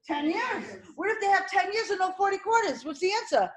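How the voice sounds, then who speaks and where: High-voiced woman drilling a class. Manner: animated, repetitive drilling with quick questions to students. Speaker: insurance licensing instructor. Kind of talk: classroom exam-prep lecture.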